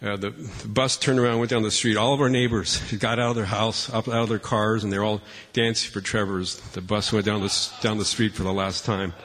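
A man's voice: fairly low pitch, fairly even intonation, fairly quick, few pauses, fairly bright tone, a little hiss or hum. A man telling funny family stories to an audience, chatty and self-mocking, often restarting his sentences. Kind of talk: personal storytelling talk. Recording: long reverb from a large hall.

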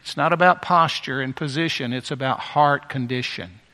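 Bright-voiced preacher man in a reverberant hall. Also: medium pitch, normal speed. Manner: impassioned, emphatic repetition. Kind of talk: sermon.

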